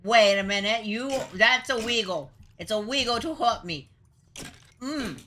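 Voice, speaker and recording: A woman's voice: on the high side, expressive, measured pace, sharp tone, slight background noise. A young woman streaming a game, talking to herself and her chat in a playful, mock-dramatic way, with sudden exclamations. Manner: talks to herself and chat while playing. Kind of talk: live gameplay commentary.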